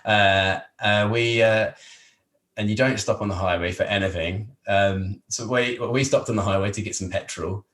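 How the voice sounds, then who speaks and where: On a podcast, an English guest with a lowish voice rambles through a lengthy travel anecdote at a moderate pace. He sounds relaxed and lively and laughs often.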